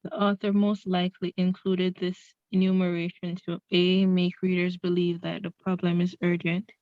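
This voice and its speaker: A woman reading a multiple-choice quiz question aloud in an even, measured way. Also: lowish voice, no room sound, dull audio.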